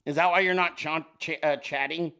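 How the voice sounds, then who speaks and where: A man's voice: on the high side, steady tone, brisk, creaky, pushed and bright, clean tone. A man hosting a casual livestream, sarcastically riffing on viewer pictures and swearing freely. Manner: profane, sarcastic, riffing at the audience. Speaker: livestream host.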